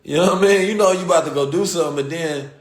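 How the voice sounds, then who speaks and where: An American podcast host with a high voice races through a story in casual, slangy talk, animatedly acting out the people in it. The recording has a roomy echo.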